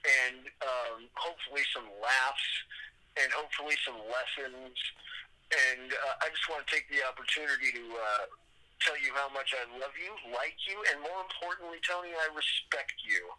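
A man's voice: mid-range voice, sharp tone, low-quality recording. A middle-aged man co-hosting a podcast in casual chat, effusive, playful and profane. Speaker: podcast co-host.

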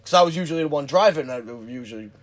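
A man's voice: a little high, animated, very fast. A man in his thirties in casual chat, chiming in on a friend's story and acting out remembered lines with energy. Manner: chimes in, acts out quotes with energy. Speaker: podcast co-host and friend.

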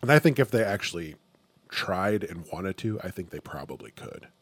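Excitable podcast guest, low-pitched, very expressive, dry mic. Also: male voice, normal speed, slightly rough, no room sound. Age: adult, remembers childhood. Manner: animated, profane, gets excited. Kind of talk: casual podcast chat.

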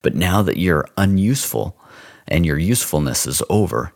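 A man voicing a stout, gruff, domineering frontier Indian agent who gives curt, menacing orders. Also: sits low, animated, normal speed, dry recording, clean studio sound.

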